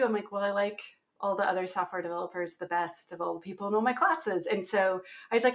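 A woman's voice: medium pitch, fairly even intonation, quick pace. A woman in her forties with a Canadian accent, a guest telling her career story in a chatty, laughing way. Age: 40s. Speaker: guest, application security author. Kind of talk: casual interview chat.

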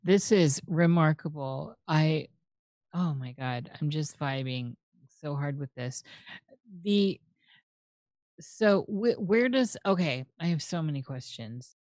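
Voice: medium pitch, expressive, takes it slowly, darkish tone, dry recording. A host interviewing a guest, reacting with open enthusiasm. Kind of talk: casual interview chat.

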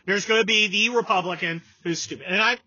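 A man's voice: high voice, fast talker, sharp tone, slightly rough. A man hosting a casual political chat show, talking sarcastically and slipping into mocking impressions. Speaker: podcast host. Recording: dull lo-fi sound.

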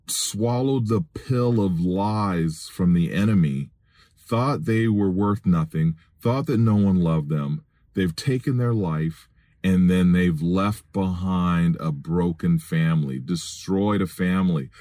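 Middle-aged male podcast preacher, very deep, earnest and pleading, recorded dry and close in a car. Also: dark tone, no room sound. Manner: earnest, pleading, rises to raised emphatic appeals. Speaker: podcast host and Christian minister. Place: in a vehicle.

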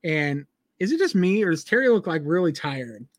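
Relaxed co-host, mid pitch, dry close recording; steady, laid-back recap narration. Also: normal speed, dry recording. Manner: easygoing, laughs often, walks through the episode. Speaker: podcast co-host. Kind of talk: casual chat recapping a TV episode.

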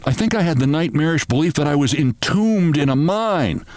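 A show host reads a comic story aloud with lively, theatrical delivery. His voice sits a little high for a man. The studio recording is dry and close. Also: normal speed, dry recording.

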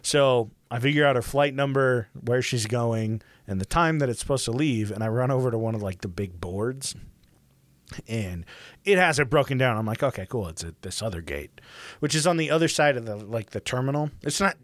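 A man's voice: medium pitch, normal speed, dry recording. Profane young man telling a rant. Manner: profane, animated ranting with many fillers. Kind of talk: casual storytelling chat.

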